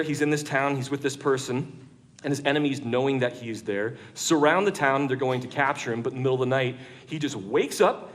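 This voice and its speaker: A man preaching a lively storytelling sermon to an audience in a large church room, jokey and conversational. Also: medium pitch.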